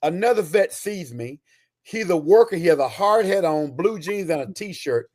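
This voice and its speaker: This guest, a sixty-something retired Army Ranger who now writes, tells animated stories fast and with emphasis. His voice sits high and sounds animated and a little mellow.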